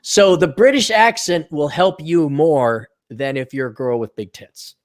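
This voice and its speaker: A man's voice: fairly high pitch, measured pace. An American man hosting a casual stream chat, sarcastic and teasing, swearing freely as he banters with his guest. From United States. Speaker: livestream host reading donations.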